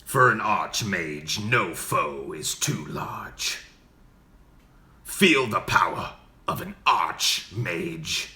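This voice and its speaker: A man voicing a dark male archmage consumed by magic, who makes slow, booming, dramatic proclamations. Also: big pitch swings, reverberant, heavily acted. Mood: menacing.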